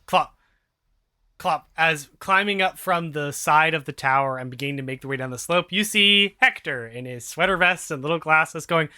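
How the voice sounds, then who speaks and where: A man narrating as game master of a tabletop role-playing game, animated and laughing often. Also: a little high, moderate pace, clean tone, dry recording, studio quality.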